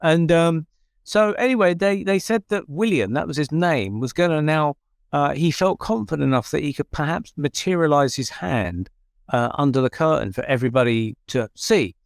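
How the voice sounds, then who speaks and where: A man with a fairly high voice tells his story in a dry, close recording. He talks in an animated storytelling way, with frequent restarts. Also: normal speed, gravelly, clean tone, no room sound. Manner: animated anecdote with quoted voices, many restarts. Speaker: paranormal researcher and host. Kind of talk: conversational storytelling.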